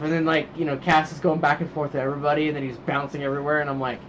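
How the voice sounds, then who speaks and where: A man chats loosely on a podcast, rambling from one story to the next and playing out what his kids said. His voice sits a bit high. The recording is dull and lo-fi, with a faint hiss behind him. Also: little pitch movement, racing, hardly any pauses. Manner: rambling storyteller, acts out his kids' lines. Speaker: podcast co-host. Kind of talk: casual chat. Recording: dull lo-fi sound with faint noise.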